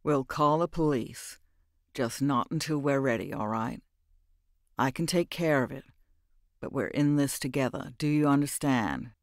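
A calculating businessman, read by a male narrator, measured and deliberate with unhurried words. His tone stays low and steady, recorded dry with no room around it. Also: vocal fry, no room sound. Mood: controlling. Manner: slow, calm and controlling. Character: cold, calculating middle-aged male businessman.

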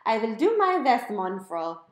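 Picture a squeaky, over-the-top German-accented computer , voiced by a woman narrating a storybook. It answers everything with stiff, fussy courtesy, pitched well above a normal speaking voice. The recording sounds a little roomy. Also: big pitch swings, a little slow. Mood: fussy polite. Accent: put-on German. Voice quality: high-pitched, outrageous. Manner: overly polite, formal. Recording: roomy echo.

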